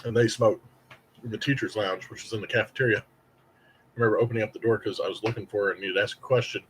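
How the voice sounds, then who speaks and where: A man's voice: fairly low pitch, racing, a little hiss or hum, low-quality recording. Rambling storyteller man in his late thirties. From Indiana, US. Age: late 30s. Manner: rambling, animated, acts out quoted voices. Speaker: host reviewing candy. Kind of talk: casual storytelling to camera.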